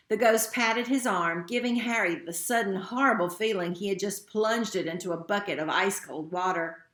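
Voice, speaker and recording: A woman reading a novel aloud in a steady, expressive way. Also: medium pitch. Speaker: narrator. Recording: roomy echo.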